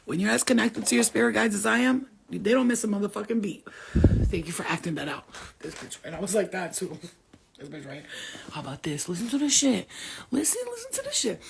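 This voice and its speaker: A woman host telling stories on a casual livestream, blunt, profane and animated. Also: mid-range voice, a little fast, creaky, a little hiss or hum. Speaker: host talking about spirit guides.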